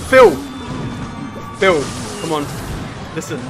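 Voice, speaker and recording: A man hosting a live stream, commentating his own game with excitable groans and playful trash talk aimed at his opponent. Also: sits high, moderate pace, long pauses. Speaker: streamer and show host. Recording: game music playing under the voice. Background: game music.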